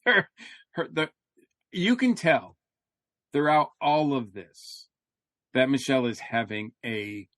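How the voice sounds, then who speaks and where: Halting male podcast co-host, dry sound. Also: medium pitch, fairly bright tone, dry recording. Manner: halting, many fillers and restarts. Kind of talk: casual chat.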